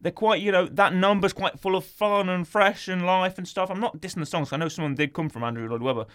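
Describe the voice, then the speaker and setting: Man, casual film chat, slightly higher voice, jokey, animated. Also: fast. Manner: animated, jokey, acts out scenes. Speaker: film reviewer.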